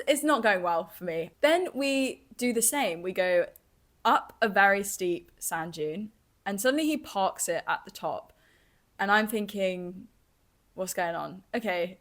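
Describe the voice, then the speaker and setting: Chatty young woman telling a story. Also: medium pitch. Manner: chatty, lively, filler-heavy with "like" and "kind of". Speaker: podcast host. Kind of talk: casual storytelling monologue.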